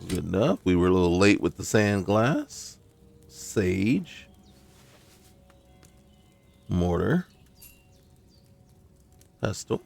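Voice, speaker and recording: A man's voice: deep voice, animated, very slow, vocal fry, pauses often, a little mellow, faint music behind. A man hosting a gaming channel gives casual commentary on his gameplay, talking to himself and crying out in frustration when things go wrong. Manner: talks to himself, exclaims in frustration.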